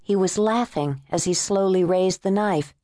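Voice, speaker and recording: A woman narrating an unabridged thriller audiobook in a measured, tense storytelling manner. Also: fairly low pitch, dark tone, no echo, clean studio sound. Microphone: close studio mic.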